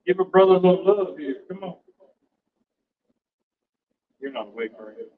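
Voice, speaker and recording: A middle-aged man with a high, expressive voice hosts a casual livestream at a normal pace, rambling and chatting with viewers and family. He's a home cook, and the dull, distant mic muffles him.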